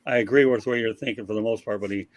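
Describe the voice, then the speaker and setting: A man's voice: on the low side, steady tone, very fast, no room sound. A man hosting a casual sports talk show, giving his opinions at length and passing the word to the panel. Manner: opinionated, rambling, leads the panel. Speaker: podcast host.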